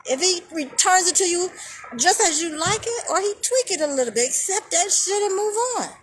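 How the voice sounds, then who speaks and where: A woman delivering an angry, profane monologue, swinging between loud outbursts and hushed muttering. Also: very high-pitched, expressive, moderate pace. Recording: noisy background hum.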